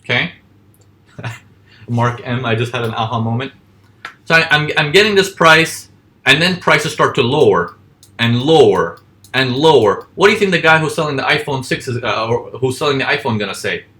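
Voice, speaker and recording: A man's voice: mid-range voice, lively intonation, pushed and bright. A man teaching forex trading in a casual lesson, asking questions and answering them himself. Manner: acts out panicking traders in quick voices. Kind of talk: casual live teaching over charts.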